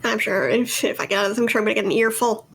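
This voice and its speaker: A woman playing a tabletop game, casual and quick to laugh, swearing freely. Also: a little high, steady tone, fairly bright tone. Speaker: player.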